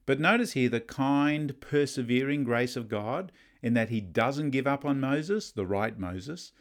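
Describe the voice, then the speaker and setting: A middle-aged man delivering a conversational sermon with humorous asides and family stories. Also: mid-range voice. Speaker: preacher.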